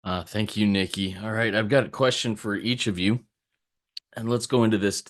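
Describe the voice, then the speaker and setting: A man moderating a recovery roundtable, asking his panelists measured questions. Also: fairly low pitch, steady tone. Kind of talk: podcast moderation.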